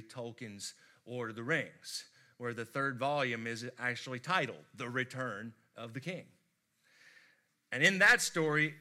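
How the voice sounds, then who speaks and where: An American man preaching a sermon, telling stories expressively and swinging from loud emphasis to hushed tones. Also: medium pitch. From United States. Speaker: pastor.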